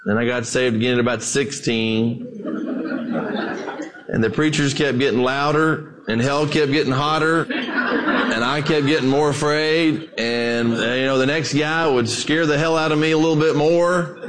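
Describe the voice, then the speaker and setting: A middle-aged man preaching a sermon, telling stories and talking to his listeners as "guys" in a relaxed, conversational way. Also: mid-range voice, measured pace, crowd noise. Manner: storytelling with acted quotes, conversational asides to "guys". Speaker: pastor.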